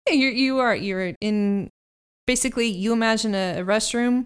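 A woman running a tabletop game as game master, with chatty, halting narration. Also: fairly high pitch, smooth.

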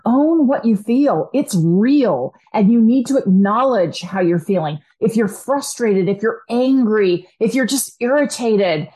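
An energetic woman delivers a motivational self-help talk as host, addressing the listener directly. Her voice sits a little high and leaps even higher when she acts out what people think or say. She keeps the tone upbeat and encouraging throughout. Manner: acts out quoted inner voices with big pitch jumps. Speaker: podcast host and coach.

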